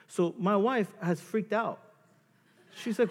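A man preaching a sermon as a pastor, animated and joking, acting out little scenes between himself and his wife. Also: high voice, normal speed. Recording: long hall reverb.

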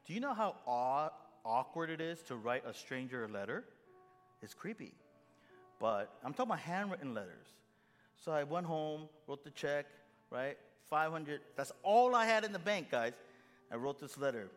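Lively middle-aged preacher in a reverberant hall. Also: male voice, medium pitch, normal speed. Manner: animated, acts out dialogue, self-mocking humor. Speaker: pastor. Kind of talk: storytelling sermon. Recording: long hall reverb, faint music.

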